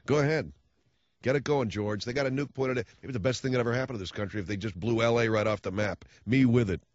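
A man's voice: medium pitch, quick pace, no room sound, highs cut off. A man hosting a talk radio show, ranting about politics in a sarcastic, mocking way.

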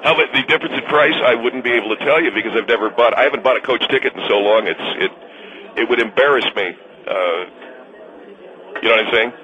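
A man's voice: mid-range voice, quick pace, dull audio, voice pushed down, natural voice. A man playing a pompous, bigoted guest on a comedy radio show who brags about flying first class. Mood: smug. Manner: pompous, smug. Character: pompous bigoted first-class flyer, male, middle-aged.

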